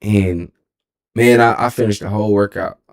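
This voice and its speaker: Gravelly low-voiced Texan man in his twenties. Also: normal speed. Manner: rambling and profane, with frequent self-corrections. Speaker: streamer. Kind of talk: casual storytelling.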